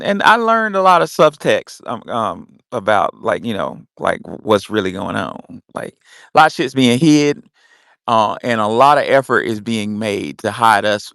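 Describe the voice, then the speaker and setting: A man's voice: lowish voice, gravelly, a bit bright, no room sound, studio quality. A young man hosting a loose, casual audio chat, swearing freely and cutting in on others. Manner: loose and profane, cuts in often. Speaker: host.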